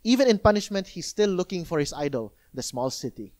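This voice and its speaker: Male pastor, high-voiced, animated conversational preaching. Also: brisk. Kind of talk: sermon. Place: church.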